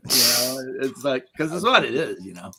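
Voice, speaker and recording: A man's voice: medium pitch, big pitch swings, normal speed, sharp tone, slightly rough. A man chatting casually on a podcast, who laughs often and tells jokes in a rambling way. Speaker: podcast host. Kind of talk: casual chat.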